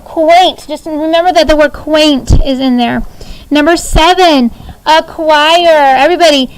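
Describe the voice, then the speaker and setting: A woman teacher in her thirties in a classroom, leading a spelling drill, spelling each word slowly letter by letter and giving firm instructions. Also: sits high, fairly even intonation, a little hiss or hum, low-quality recording. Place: school classroom.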